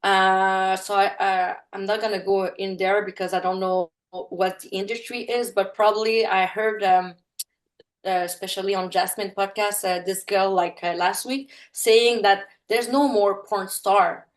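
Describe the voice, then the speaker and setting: Halting French Canadian woman guest. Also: medium pitch, fairly even intonation. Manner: halting, searching for English words; bubbly, open. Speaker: interview guest. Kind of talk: casual interview chat.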